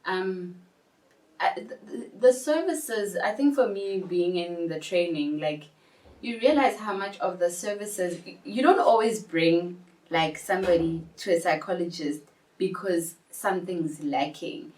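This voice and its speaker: A woman's voice: lowish voice, measured pace, darkish tone. A woman in her twenties, a podcast guest, explaining things in a thoughtful, casual way. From South Africa. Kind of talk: casual chat. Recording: roomy, distant mic, faint ambience.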